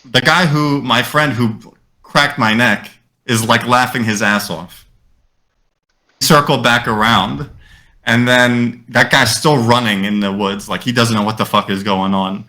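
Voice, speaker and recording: A man on a casual podcast, spinning a story with lively energy. His voice is bright and forward, and he swears freely and drops Arabic phrases between English lines. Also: mid-range voice, measured pace. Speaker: podcast co-host.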